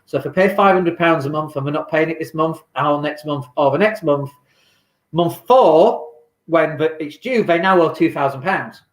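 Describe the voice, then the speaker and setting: A man's voice: a little high, moderate pace. A man who invests in property, talking casually on a livestream from home, rambling and reading viewer comments aloud. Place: home in lockdown. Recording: echoey room.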